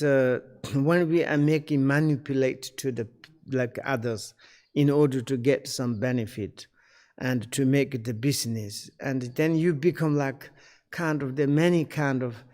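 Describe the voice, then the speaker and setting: Slow, halting male teacher in reverberant room. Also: medium pitch, a little mellow. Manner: halting non-native English, searching for words; unhurried, frequent fillers and throat-clearing. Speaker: Buddhist teacher. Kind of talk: spiritual teaching seminar.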